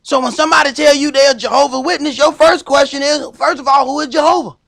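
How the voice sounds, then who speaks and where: A man preaching a sermon as priest, stressing points by slowing down and raising his voice. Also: very high-pitched, steady tone, gravelly. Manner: emphatic preaching, slows and shouts for stress.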